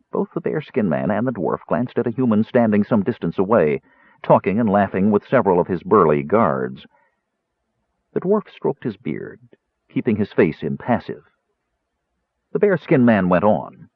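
Audiobook narrator: man with a low, husky voice and lively intonation, dry and thin like a phone line. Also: no echo. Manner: measured storytelling, dropping low on asides. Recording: narrow tinny phone-like audio.

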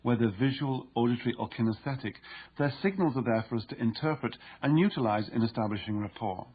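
Male author narrating his own self-help audiobook, husky and measured, muffled recording. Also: mid-range voice. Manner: measured, explanatory.

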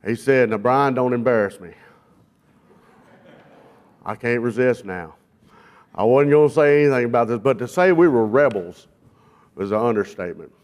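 A man's voice: mid-range voice, expressive, brisk, darkish tone. A man from South Arkansas, a guest jail minister giving a sermon testimony with humorous stories. He talks in a folksy, self-deprecating way with frequent fillers. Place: church.

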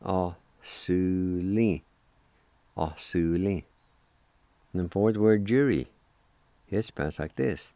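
A man's voice: on the low side, animated, moderate pace, gravelly, mellow, no room sound. A man teaching a language lesson on the radio, spelling words out and patiently repeating each one several times.

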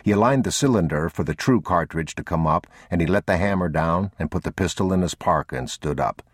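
Male audiobook narrator with a very low, husky voice and dry close sound, measured and somber. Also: expressive, no echo. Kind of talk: scripted narration.

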